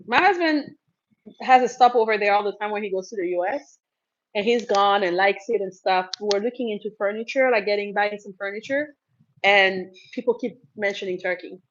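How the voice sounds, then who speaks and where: A woman's voice: mid-range voice, a little fast, muffled recording. A woman from Cameroon hosting a casual live Q&A, chatting with viewers and reading out their comments. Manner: chatty, laughs often, reads out viewer comments. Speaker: livestream host.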